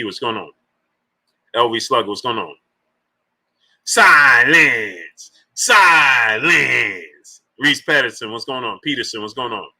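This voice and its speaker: A man hosting a boxing live stream in a loose, joking chat style, shouting out viewers by name and urging them to like the video. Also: mid-range voice, rough recording. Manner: loose, laughing, joking banter. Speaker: boxing livestream host.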